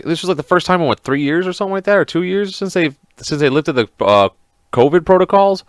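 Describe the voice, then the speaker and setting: A man hosting a podcast alone, ranting in a casual, profane, rambling and excitable way. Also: a little high, no echo, studio quality. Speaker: podcast host.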